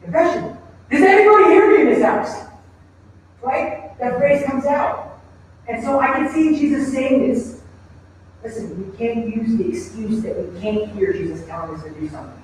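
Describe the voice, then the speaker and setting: In an echoey church sanctuary, a pastor delivers his sermon conversationally, asking his congregation rhetorical questions. His male voice is extremely high-pitched yet darkish in tone, at a normal pace, captured by a distant mic with slight hiss or hum.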